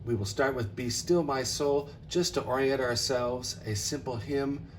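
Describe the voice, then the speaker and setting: A man directing a choir rehearsal, coaching singers and speaking lines of the text slowly to model their phrasing. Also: mid-range voice, distant mic, a little hiss or hum. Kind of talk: rehearsal instruction.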